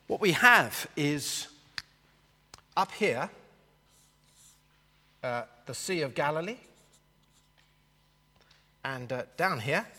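A man teaching a Bible lesson, talking slowly and explaining patiently as he sketches a map for the class. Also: medium pitch, sharp tone, long reverb tail.

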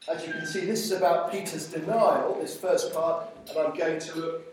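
A man preaching an informal sermon, reading scripture slowly and deliberately. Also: a little high, fairly even intonation. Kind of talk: informal sermon at a church evening meal. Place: large echoey church hall. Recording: very echoey hall, voice from far off, faint noise.

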